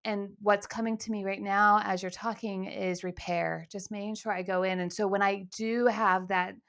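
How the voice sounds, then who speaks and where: Brief: woman podcast co-host, casual chat, quick to laugh, halting restarts, mid voice. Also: medium pitch, steady tone, gravelly, fairly bright tone.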